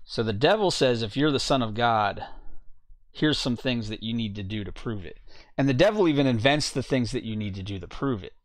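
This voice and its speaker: A man giving an informal Bible teaching, reading scripture passages aloud and pausing to look up verses as he goes. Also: medium pitch, lively intonation, no room sound, clean studio sound. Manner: reads scripture aloud, searching for verses mid-talk.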